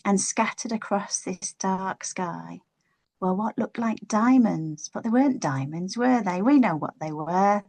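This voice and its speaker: Female storyteller, expressive children's tale, playful delivery. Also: medium pitch. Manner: expressive, playful, drawn-out words.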